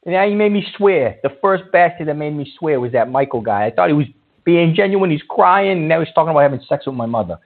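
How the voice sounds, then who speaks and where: Gravelly radio host. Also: male voice, a little high, lively intonation, quick pace. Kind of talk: comedic call-in radio bit. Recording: tinny phone-like sound.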